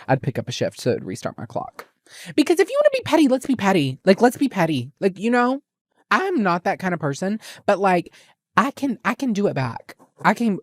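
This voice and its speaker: A man's voice: on the high side, dry recording, clean studio sound. Sassy young man telling stories. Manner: animated, sassy, dramatic reenactments of dialogue. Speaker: podcast host. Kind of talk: casual storytelling chat.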